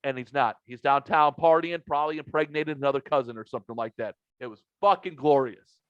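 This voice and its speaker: On a casual podcast, a male host tells a story, swearing freely and growing more animated as it goes on. His smooth voice sits at medium pitch and runs a little fast. The recording is dull and dry, with no room sound at all.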